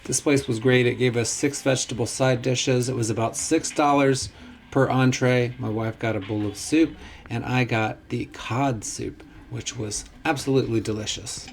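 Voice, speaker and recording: A man's voice: medium pitch, fairly even intonation, moderate pace, gravelly, slight background noise. A man, a father from the United States, narrating his family's travel vlog in scripted voice-over with dry, wry humor.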